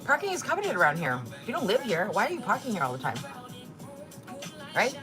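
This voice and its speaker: A woman's voice: mid-range voice, huge pitch swings, brisk, music in the background. A woman hosting a casual livestream, reading chat comments aloud and mocking them with plenty of swearing. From Korea. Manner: sassy, mocking, swears a lot. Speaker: livestream host.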